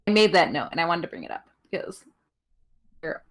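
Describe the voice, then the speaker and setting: Speaking briskly but pausing often, a young woman with a lowish voice co-hosts a podcast recapping wrestling. Her chatty delivery is peppered with ums and giggles, and she acts out quotes in animated voices.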